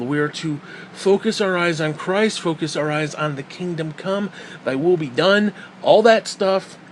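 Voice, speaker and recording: A man delivers a profane, sarcastic rant with a fairly high voice for a man, swinging between heated outbursts and muttered asides. A faint hum of air conditioning sits under his voice. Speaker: vlogger. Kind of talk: profane ranting commentary.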